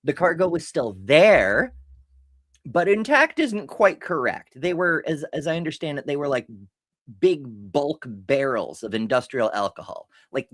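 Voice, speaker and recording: Lively rambling woman live-stream host. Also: low voice, dry recording, clean studio sound. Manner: rambling, self-interrupting, laughs often. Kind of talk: casual live-stream storytelling.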